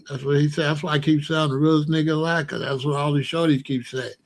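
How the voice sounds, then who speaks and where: A man's voice: fairly high pitch, little pitch movement, fast, few pauses. A middle-aged man hosting his own channel, telling blunt, profane, slang-heavy stories in a casual monologue. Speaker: host.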